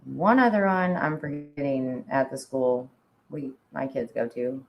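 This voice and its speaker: Casual female co-host with a very low voice; chatty, giggly, rambling. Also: measured pace, creaky, muffled recording. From Indiana. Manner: chatty, laughs often, says "like" a lot. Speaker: podcast co-host. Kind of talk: casual chat.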